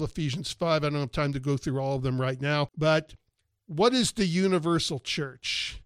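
Man, middle-aged, preacher, conversational sermon, somewhat high voice, dry close sound. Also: no room sound. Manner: conversational, lively storytelling with quoted exchanges. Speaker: pastor and radio teacher. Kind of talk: teaching sermon on a program.

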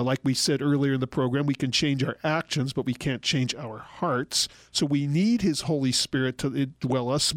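A man explaining Bible passages in a relaxed radio talk, acting out the quoted dialogue as he goes. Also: a little high, no echo, clean studio sound. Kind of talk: conversational Bible teaching.

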